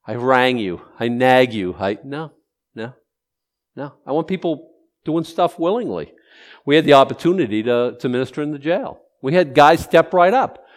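A middle-aged man preaching a casual, rambling sermon to his congregation, breaking off and restarting his thoughts. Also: fairly high pitch. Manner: rambling, conversational, self-interrupting. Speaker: pastor. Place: church sanctuary.

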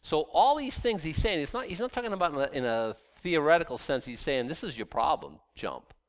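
A man reading scripture aloud and explaining it in a casual, animated way, with sarcastic asides and many restarts. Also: fairly high pitch, brisk. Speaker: Bible teacher. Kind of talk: conversational Bible teaching.

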